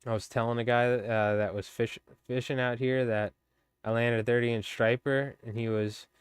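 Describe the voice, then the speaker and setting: A man's voice: mid-range voice, steady tone, normal speed, clear, resonant tone, dry recording, clean studio sound. A man hosting a fly tying live stream, chatting casually and rambling with viewers as he works. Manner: rambling, chatty, many fillers.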